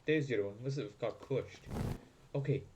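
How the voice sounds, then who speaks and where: A man giving panicked gameplay commentary, yelling and swearing one moment and muttering to himself the next. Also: medium pitch, moderate pace. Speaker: gaming video creator. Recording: loud background noise with clicks.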